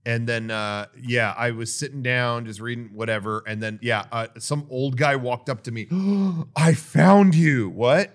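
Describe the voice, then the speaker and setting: A man hosting a casual podcast, telling animated stories and acting out the people in them. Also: medium pitch, moderate pace, few pauses, smooth. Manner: animated anecdotes, acting out quoted voices. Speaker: podcast host. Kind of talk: casual chat.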